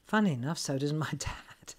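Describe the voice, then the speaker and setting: A middle-aged woman with a low, easy voice talks viewers through a colouring project on a live craft stream. She thinks aloud, asks questions and chats while she works at her table. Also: lively intonation, normal speed. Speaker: craft host. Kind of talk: live crafting tutorial chat.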